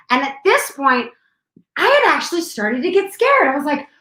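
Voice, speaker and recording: A young woman telling a personal story in an animated way, acting out the scenes with sudden drops and bursts of volume. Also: high-pitched, normal speed. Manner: dramatic, acts out scenes with shifts in volume. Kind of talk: animated anecdote. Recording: echoey room.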